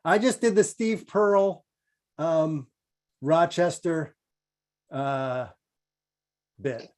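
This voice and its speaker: A man's voice: fairly high pitch, expressive, drawn-out words, a little mellow. A male comedian on a video call, chatting casually in a rambling, self-amused way with lots of fillers. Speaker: comedian guest. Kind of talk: casual chat.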